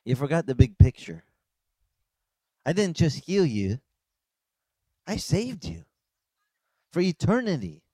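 A man voicing God as a calm, patient heavenly father who gently chides his listener. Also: on the high side, no room sound, full character voice. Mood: gently chiding. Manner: unhurried, gently chiding.

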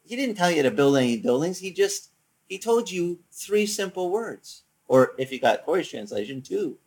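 A man preaching a sermon as pastor, conversational and animated, acting out quotes from the story. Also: high-pitched, normal speed.

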